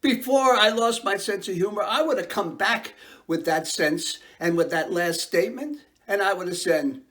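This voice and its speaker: A man's voice: high voice, moderate pace, a bit bright. An actor playing a man who fears he has lost his sense of humor, in a rueful, self-mocking stage monologue.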